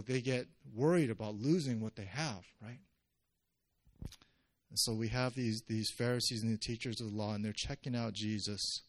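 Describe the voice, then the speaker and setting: Guy pastor preaching casual, mid pitch, gets animated acting out bits. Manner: conversational, animated, acts out quotes with pitch jumps. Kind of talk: sermon.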